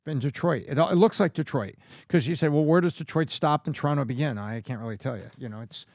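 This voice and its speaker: A man's voice: fairly high pitch, fast talker, a little mellow, dry recording, studio quality. Man thinking aloud on a podcast. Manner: thinking aloud, self-correcting. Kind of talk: casual podcast discussion.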